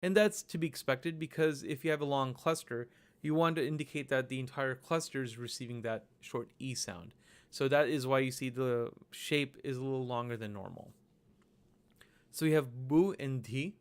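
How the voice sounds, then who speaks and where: A man narrating a recorded lesson over slides, explaining each step slowly and patiently. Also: medium pitch, clean tone. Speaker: language teacher.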